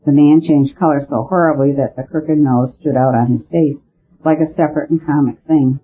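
A man narrating a detective story in a steady, measured reading. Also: fairly high pitch. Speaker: audiobook narrator. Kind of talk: scripted narration. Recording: narrow phone-like sound.

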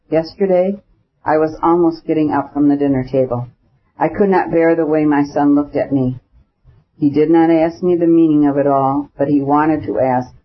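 A man's voice: a little high, natural voice. A man reading the lines of a crushed, self-pitying middle-aged official who speaks plaintively and formally in an audiobook. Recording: dull lo-fi recording.

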